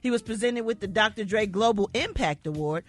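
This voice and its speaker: A woman reading entertainment news on a morning radio show in an animated, chatty, outspoken way. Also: mid-range voice, fairly quick. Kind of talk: casual radio chat.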